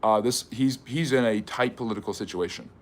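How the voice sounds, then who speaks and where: Fast-talking man hosting a history livestream. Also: mid-range voice. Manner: rapid, chatty, reads viewer questions aloud. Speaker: history channel host. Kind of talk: live stream chat with viewers.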